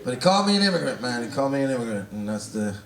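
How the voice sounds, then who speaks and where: A Canadian man in his forties doing a profane, rambling stand-up routine that builds to loud rants. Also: medium pitch, very animated, very fast. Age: 40s. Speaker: stand-up comedian. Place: large theatre, indoors. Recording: roomy, distant, loud crowd and noise. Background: audience laughter.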